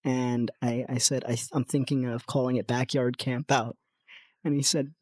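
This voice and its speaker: A man's voice: moderate pace, no echo, clean studio sound. A young American man, a guest musician, telling stories in casual podcast chat, swearing and mimicking people. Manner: animated storyteller, swears, mimics others in high voices.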